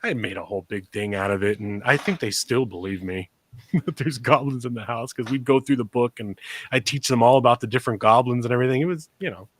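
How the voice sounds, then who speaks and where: A man's voice: mid-range voice, quick pace. A man in his forties co-hosting a casual podcast, rambling and laughing often as he tells a story. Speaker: podcast co-host.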